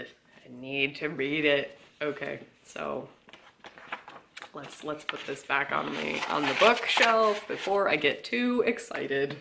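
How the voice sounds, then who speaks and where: A young woman vlogging casually from home, excitable and rambling, with fillers and quick laughs. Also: deep voice, vocal fry, a little hiss or hum. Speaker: book vlogger. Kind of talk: casual vlog chat. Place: indoors at home by a bookshelf.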